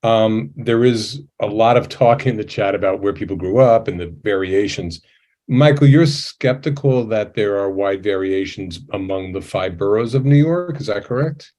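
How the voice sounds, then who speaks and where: A man's voice: on the low side, moderate pace, a little mellow. A man moderating a webinar panel over a video call, putting audience questions to the guests in an inviting way.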